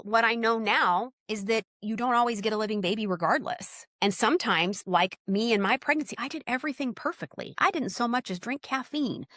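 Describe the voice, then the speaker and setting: A woman's voice: on the high side, dry recording, clean studio sound. A woman in her forties, a birth worker speaking as a podcast guest, talking candidly and emphatically and often acting out what people said. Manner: emphatic, animated, acts out quoted dialogue. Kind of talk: candid conversational storytelling.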